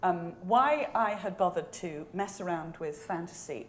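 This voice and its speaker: A woman's voice: on the low side, animated, measured pace. A woman author speaking on a festival panel, articulate and wry. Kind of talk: panel discussion. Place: festival stage.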